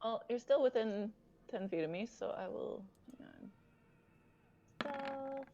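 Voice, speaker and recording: A woman's voice: on the high side, animated, measured pace, dark tone. A woman playing a tabletop game, chatty and keen on the rules. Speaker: player. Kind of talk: casual tabletop play. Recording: dull lo-fi mic.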